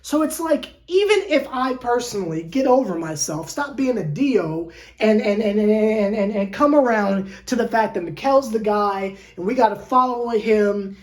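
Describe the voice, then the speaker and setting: A woman hosting a sports fan channel, venting in an animated, exasperated way with lots of stumbling repeats. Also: medium pitch, normal speed, few pauses. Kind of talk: casual fan rant to camera.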